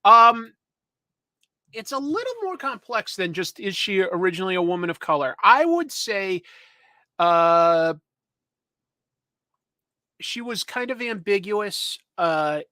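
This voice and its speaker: Give me a male comics show host who rambles casually and pokes fun at himself. His voice is high and bright, and it is recorded close and dry. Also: very animated, slow pace, long pauses, no room sound. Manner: rambling, chatty, self-deprecating. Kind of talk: casual live-stream chat.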